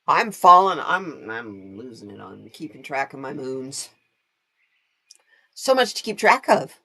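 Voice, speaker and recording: A woman hosting a casual tarot live stream. She chats warmly with her viewers, greets them by name and laughs often. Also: very deep voice, big pitch swings, measured pace, breathy edge.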